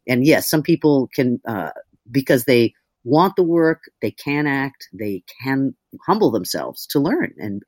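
An audiobook narrator in easy interview chat, chatty and quick to act out the people she quotes. The pitch swings all over in lively jumps, and the recording is dry and close with no room sound. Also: no echo. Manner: chatty, animated storyteller who acts out quotes. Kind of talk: casual interview talk.

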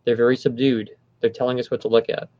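A man's voice: medium pitch, flat delivery, fast, no room sound, muffled recording. A man who runs a voice studio, explaining his field in a conversational interview, often stopping to rephrase. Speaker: voice studio owner.

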